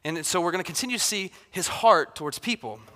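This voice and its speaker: A middle-aged pastor preaches to his church in a high, bright voice, chatty and animated, often acting out what people say. His voice rings through a large hall with a long reverb. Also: fast talker. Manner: conversational, animated preaching with dramatized quotes. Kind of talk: sermon. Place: church sanctuary.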